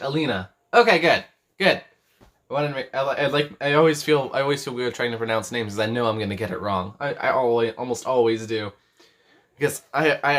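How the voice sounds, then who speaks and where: His voice is medium in pitch and a little bright: an eighteen-year-old man running a live crochet stream from his bedroom. He wanders in his talk, corrects himself, and voices chat messages as they come in.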